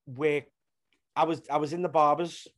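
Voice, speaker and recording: A man with a strong Scouse accent rambles through his stories in casual interview chat, cursing freely as he goes. His voice sits a little high for a man. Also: steady tone, normal speed, a bit bright. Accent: Liverpool (Scouse). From Liverpool, England. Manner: rambling storyteller, swears freely. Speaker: guest comedian.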